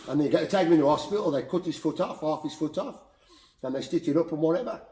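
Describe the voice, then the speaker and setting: A man's voice: on the high side, quick pace. Black Country man telling stories, roomy echo. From Black Country, England. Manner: animated, repetitive, heartfelt. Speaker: guest, boxing coach. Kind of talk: emotional storytelling in conversation.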